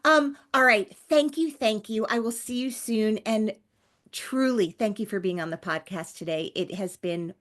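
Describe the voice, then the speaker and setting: A woman's voice: mid-range voice, steady tone, moderate pace, a bit bright. A woman hosting a podcast who chats with her guest in an effusive, encouraging way. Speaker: podcast host. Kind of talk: casual podcast chat.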